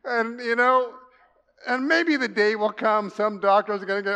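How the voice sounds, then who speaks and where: Older male pastor, high-pitched, storytelling sermon, reverberant hall. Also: fairly even intonation, a little slow, clean tone. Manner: folksy storytelling with jokes, drops to a soft hush. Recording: long reverb of a large hall.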